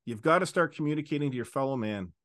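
A man's voice: medium pitch, lively intonation, fast, a bit bright, no echo, studio quality. A man speaking as a guest in a conversational interview, assertive and lecturing.

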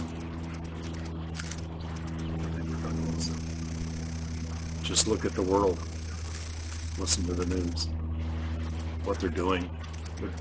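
A man speaking earnestly in a religious vlog monologue, halting and stressing words. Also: low voice, noisy background. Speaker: video host.

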